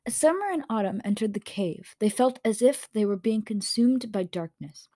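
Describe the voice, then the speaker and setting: A woman's voice: mid-range voice, expressive, moderate pace, warm tone, no echo. A woman reading a story aloud in a casual way, with slips and corrections, into a home microphone. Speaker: story reader.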